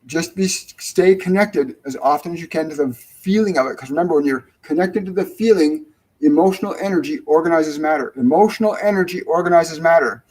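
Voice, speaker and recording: A middle-aged man with a slightly high voice hosts a live-stream spiritual Q&A from home. He rambles warmly, restarts sentences and repeats key phrases for emphasis. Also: a little fast, poor audio. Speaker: spiritual medium, show host.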